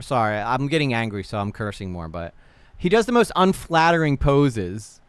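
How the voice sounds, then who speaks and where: A man's voice: fairly high pitch, expressive, moderate pace, clean tone, dry recording. A man streaming a casual reaction video, talking bluntly to his chat and swearing often.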